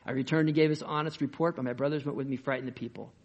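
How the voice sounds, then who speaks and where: A man voicing a vigorous, eager old man of eighty-five who speaks loudly and declaims, in a dull lo-fi recording. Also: mid-range voice, fairly even intonation, very fast, lightly acted. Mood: earnest.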